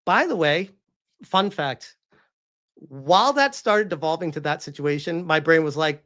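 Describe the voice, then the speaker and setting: A woman's voice: deep voice, a little slow. A woman hosting a casual livestream. She reads viewer donations aloud and rants back at them, incredulous and often swearing. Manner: animated, incredulous ranting with frequent swearing. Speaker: streamer host reading viewer donations.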